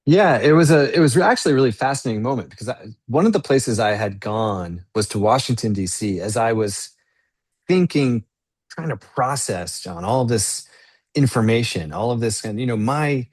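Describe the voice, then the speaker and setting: A man's voice: medium pitch, normal speed, breathy edge, no room sound. A man as an interview guest, telling a personal story with energy and acting out the voices in it. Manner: animated, acts out quoted dialogue. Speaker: guest entrepreneur. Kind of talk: conversational storytelling.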